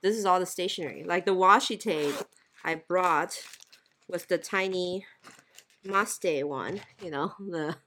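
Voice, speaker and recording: A woman co-hosts a casual podcast chat in a somewhat low voice. She talks in quick bursts, laughing often and restarting her sentences with plenty of fillers. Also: sharp tone, a little hiss or hum. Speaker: podcast co-host.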